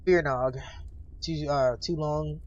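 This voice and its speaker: With a fairly high, steady voice, a man plays a blind old lighthouse keeper who is weary and guarded. He tells the character's story haltingly and solemnly, and the audio is dull, lo-fi stream sound.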